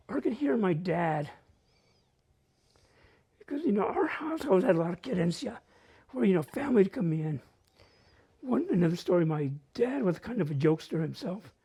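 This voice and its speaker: A man's voice: high voice, creaky, mellow, husky. A man with a northern New Mexico accent telling humorous personal stories at a community open mic and dropping in Spanish phrases. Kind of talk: casual personal storytelling.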